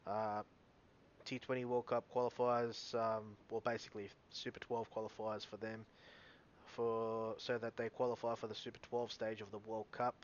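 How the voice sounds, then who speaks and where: A man's voice: mid-range voice, dull audio. A man hosting a casual solo cricket recap, reading out bowling and batting figures, often stumbling and correcting himself. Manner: rambling, self-correcting, reading out stats. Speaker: cricket video host.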